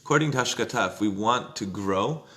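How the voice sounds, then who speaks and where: A man teaching an informal Jewish text study class, conversational, often checking in with "right?" and loudly acting out inner voices. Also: fairly low pitch, expressive, fairly quick.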